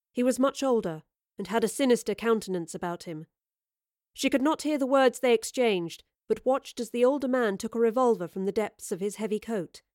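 A woman's voice: on the high side, darkish tone, no room sound. Woman reading a story, dry sound. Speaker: narrator. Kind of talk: scripted narration.

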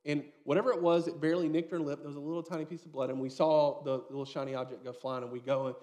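A man in his thirties preaching a sermon, telling a story with lively acted-out dialogue. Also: a little high, very fast. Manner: storytelling, animated, acts out quoted dialogue. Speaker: pastor.

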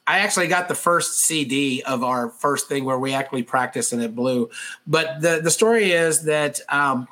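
A man with a slightly raised pitch chats loosely on a podcast. He rambles through his stories and leans on fillers. He talks like a longtime radio host. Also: moderate pace, bright, forceful tone. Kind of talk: casual podcast chat.

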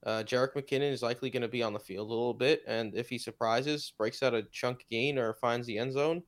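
A man's voice: mid-range voice, fairly even intonation, a little fast. A man co-hosting a fantasy football podcast, running through stats and teasing his co-host. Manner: teasing, stat-driven. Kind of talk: casual fantasy football analysis.

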